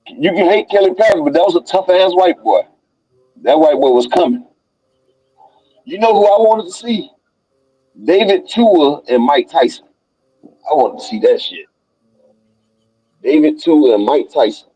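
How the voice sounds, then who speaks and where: A man hosting a casual boxing talk stream, profane and excitable as he rattles off dream fights. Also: on the high side, a little slow, pauses often, slightly rough, no room sound, dull audio. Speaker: boxing talk show host. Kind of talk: casual live stream banter.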